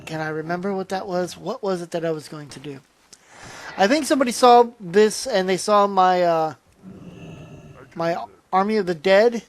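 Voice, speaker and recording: With a medium-pitched voice over a slight hiss or hum, a tired channel host comments on gameplay. He yawns, rambles, keeps restarting sentences, and lets asides trail off.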